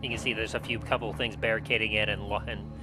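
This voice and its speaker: A man's voice: lowish voice, fast. Laid-back young male game master. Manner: relaxed, hesitant, many fillers. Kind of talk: narrating a tabletop game. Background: music.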